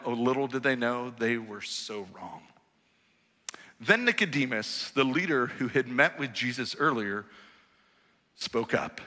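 A man preaching a sermon in a church, telling the story with lively, acted-out quotes. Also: mid-range voice, unhurried, in a large hall. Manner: animated storytelling, acts out quoted voices. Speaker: pastor. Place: church auditorium.

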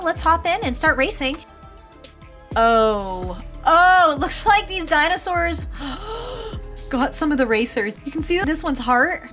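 Bubbly high-pitched woman gamer. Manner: bubbly, excitable running commentary. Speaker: gaming YouTuber. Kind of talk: game commentary.

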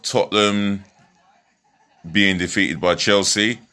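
A man's voice: sits low, sharp tone. A man giving a chatty, rambling football match preview from home, full of fillers and restarts. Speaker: football fan vlogger. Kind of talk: casual match preview vlog.

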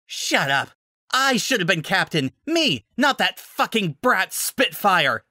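A man's voice: high-pitched, sing-song, drawn-out words, bright, forceful tone, dry recording, studio quality, voice pushed up, full character voice. A man voicing an unhinged, vengeful female ex-flier villain who screams and swears in a frantic rage. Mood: raging.

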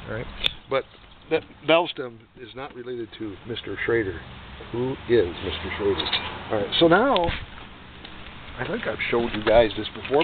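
A man casually demonstrating a repair job, talking in a folksy, rambling way with joking asides. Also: medium pitch. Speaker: DIY motorcycle repair vlogger. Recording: tinny distant noisy phone-like sound.

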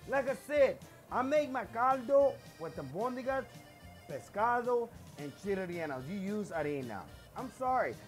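A man's voice: high-pitched, big pitch swings, normal speed, faint music behind. A middle-aged man, hosting a casual home cooking show in his kitchen, chatty and boastful, dropping phrases as he goes.

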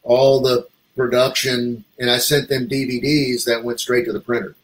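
A man's voice: medium pitch, normal speed, rough recording. Guy rambling through a story in a chat, does little voices for the people he quotes. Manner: rambling, animated, acts out quoted dialogue. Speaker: comic artist guest. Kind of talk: casual interview storytelling.

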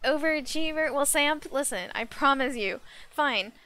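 A woman streaming a game live, chatting casually and reacting excitably to the action. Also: high-pitched, moderate pace. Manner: animated, excitable, squeals and laughs at the game.

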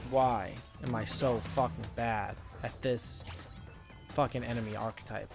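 A man's voice: medium pitch, little pitch movement, normal speed, music in the background. A man streaming a platform game live, ranting and swearing in frustration, his voice jumping up in disbelief. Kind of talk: live gameplay commentary.

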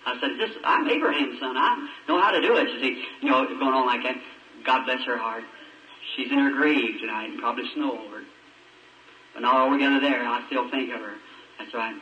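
A man's voice: mid-range voice, fairly quick, sharp tone. Country preacher guy telling stories, plain folksy grammar, dull old tape, faint hiss behind. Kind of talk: storytelling sermon. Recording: old roomy lo-fi sermon tape, distant mic.

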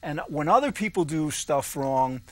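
A man's voice: on the high side, expressive, moderate pace, fairly bright tone, dry recording. A man co-hosting a casual discussion show, explaining his ideas in a rambling way with frequent laughs. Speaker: co-host.

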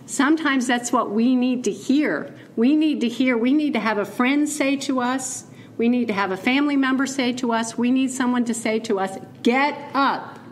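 Playful woman preaching, higher voice. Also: normal speed, a little hiss or hum. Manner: playful and animated, laughing at her own asides. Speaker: keynote speaker. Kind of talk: conversational sermon.

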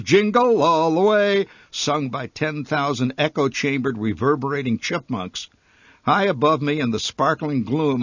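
Wry male storyteller, husky dull old recording. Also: medium pitch, a bit bright, no echo. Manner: wry, vivid comic storytelling. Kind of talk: reading his own humorous short story.

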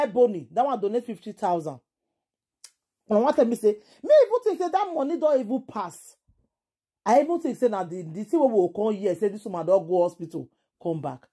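A woman's voice: medium pitch, dark tone, slightly rough. A woman with a Nigerian accent giving casual vlog commentary, indignant and exclaiming, firing off rhetorical questions. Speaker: entertainment vlogger.

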